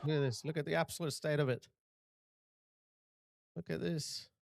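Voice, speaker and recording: A man's voice: fairly high pitch, steady tone, moderate pace, vocal fry, heavy background noise. A man hosting his channel, giving indignant political commentary over video clips and often repeating himself to point things out. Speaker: channel host.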